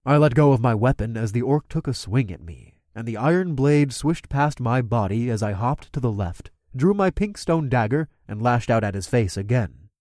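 A man's voice: mid-range voice, animated, moderate pace, few pauses, a little mellow, no room sound, clean studio sound. A man giving wry, first-person audiobook narration.

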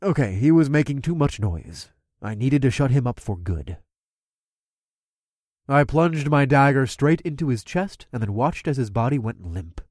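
A man's voice: medium pitch, animated, normal speed, a little mellow, no echo, clean studio sound. A man giving wry, first-person audiobook narration.

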